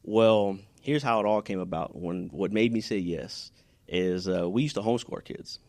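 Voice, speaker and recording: Low-pitched and a little mellow, this Houston, Texas man talks at a moderate pace as a podcast guest. He owns a business, and in the casual interview chat he's earnest and heartfelt, frequently starting sentences over. No echo.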